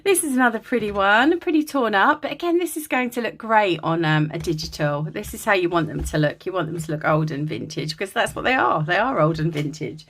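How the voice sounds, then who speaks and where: A woman from England gushes over vintage linens in a casual home vlog shot in a dim room, talking fairly quickly with few pauses. Her mid-range voice is fairly bright with lively intonation, and she's chatty, using many ums.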